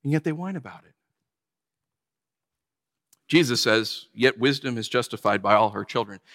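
A man preaching a sermon, animated and acting out whiny voices to make his points. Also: medium pitch, moderate pace, big-room sound. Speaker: pastor.

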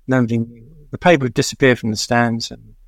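Older English music journalist, gravelly voice, rambling anecdotes with lots of fillers, dry close sound. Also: male voice, mid-range voice, fairly even intonation, brisk, dry recording. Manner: rambling with many "uh" fillers, chuckling at his own stories. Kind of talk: anecdotal storytelling.

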